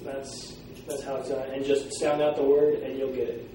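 A man teaching a Greek class, explaining pronunciation and sounding out words slowly. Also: medium pitch, little pitch movement, dark tone. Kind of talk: classroom lecture. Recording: echoey room from far off, faint noise.

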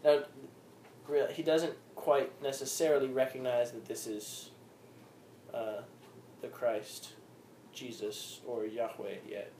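A man's voice: mid-range voice, level tone, slow pace, long pauses, warm tone. A man leading an informal Bible study, reading scripture aloud and then explaining it with questions to the group. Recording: roomy with faint background noise.

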